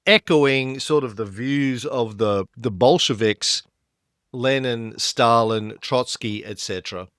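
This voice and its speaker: Guy co-hosting a history podcast, storyteller vibe, gets louder and higher on the big points, dry close mic. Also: slow, dry recording. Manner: lively storytelling, rises in pitch when emphatic. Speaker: podcast co-host.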